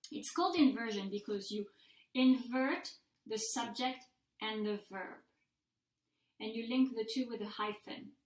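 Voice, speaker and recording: A woman language teacher records a mini-lecture for her students, explaining step by step and saying each example sentence aloud. Her voice sits a little high. The room around her rings with a noticeable echo. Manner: patient, methodical, models example sentences aloud. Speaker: French language instructor. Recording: echoey room.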